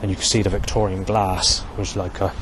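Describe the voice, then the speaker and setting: A middle-aged man speaks in a low voice, wandering from point to point, often stumbling and restarting his sentences. He swears casually as he talks. He is recorded outdoors, with loud street and traffic noise behind him. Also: flat delivery, fast talker. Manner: meandering, frequent restarts and swearing. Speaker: vlogger. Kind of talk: rambling monologue.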